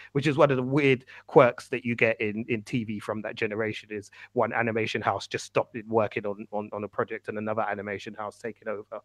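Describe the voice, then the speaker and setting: A man's voice: fairly low pitch, no room sound. A man hosting a podcast, steering the chat in an upbeat casual way and explaining an old cartoon. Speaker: podcast host.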